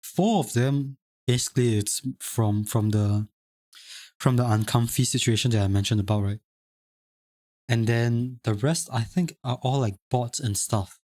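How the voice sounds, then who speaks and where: Chatting on a live stream, this young man from Singapore reads the chat aloud, wandering off topic, restarting and stumbling over repeated words in a light Singaporean English accent. He speaks unhurriedly in a medium, slightly mellow voice. The sound is clean studio audio without echo.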